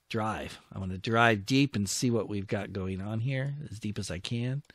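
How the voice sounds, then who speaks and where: Speaking at normal speed in a lowish voice with hardly any pauses, this man is recorded in clean studio sound with no room sound. He commentates his strategy war game, muttering to his units and grumbling when attacks go wrong.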